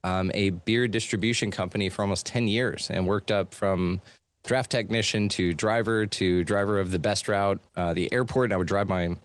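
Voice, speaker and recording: A middle-aged man with a lowish voice and steady tone talks at normal speed about his life as a podcast host. The interview is a casual storytelling chat in a treated home studio, and he's loose, profane, and full of fillers.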